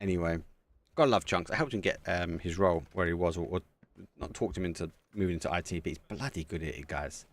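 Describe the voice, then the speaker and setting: A man casting a live esports match as a community caster, chatty and excitable, talking to viewers between plays. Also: sits low, quick pace. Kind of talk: live community game commentary.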